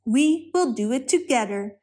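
A woman voicing a brave, kind toy Nutcracker soldier who rallies the toys in a gentle, noble manner. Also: high-pitched, lively intonation, measured pace. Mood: resolute.

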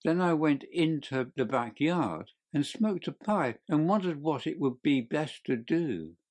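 In an audiobook reading, a man with an expressive, unhurried and slightly mellow voice plays a panicked young thief. The character pleads and confesses in a crackling voice, sounding shrill and desperate.

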